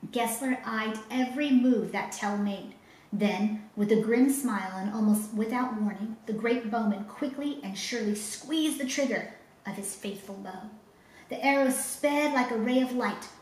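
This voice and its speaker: A woman telling a children's story with dramatic, expressive reading. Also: fairly high pitch, slight background noise. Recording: roomy echo, faint ambience.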